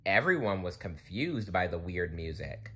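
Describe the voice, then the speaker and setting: Deep-voiced man reading a kids' book. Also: normal speed, breathy edge. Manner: expressive, occasional slips and self-corrections. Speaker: storybook reader. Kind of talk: children's book read-aloud.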